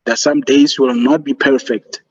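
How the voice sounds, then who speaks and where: Brisk and steady in tone, a husky mid-range male voice delivers a motivational seminar to students on a video call. He's encouraging and earnest, leans on fillers, and the call audio comes through dull and lo-fi.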